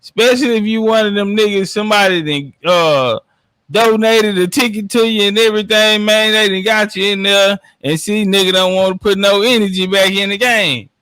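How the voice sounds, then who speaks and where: A man's voice: high voice, normal speed, fairly bright tone, smooth, no room sound, studio quality. A man, boasting and trash-talking in casual podcast chat. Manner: brash, trash-talking, confident. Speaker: podcast panelist.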